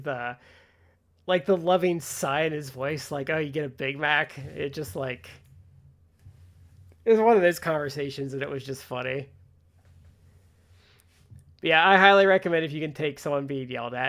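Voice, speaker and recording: A man co-hosting a casual podcast, chatting in animated bursts and acting out quoted reactions. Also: on the high side. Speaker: podcast co-host. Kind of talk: casual chat.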